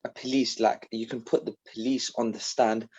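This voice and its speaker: A man's voice: medium pitch, little pitch movement, moderate pace, darkish tone, slightly rough. A man co-hosting a casual podcast, chiming in emphatically. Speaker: podcast co-host. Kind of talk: casual chat.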